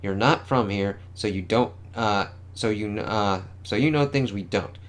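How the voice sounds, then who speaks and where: A man's voice: on the low side, a little slow, close to an everyday voice. A man reading the lines of a stern telepathic woman who leads a resistance, in a firm, commanding tone.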